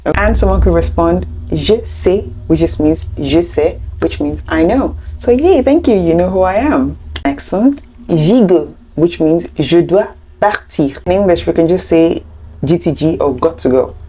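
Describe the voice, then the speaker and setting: A woman's voice: fairly low pitch, unhurried, dark tone, a little hiss or hum. A young woman teaching an online language lesson, explaining step by step in a chatty way with playful asides. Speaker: French teacher.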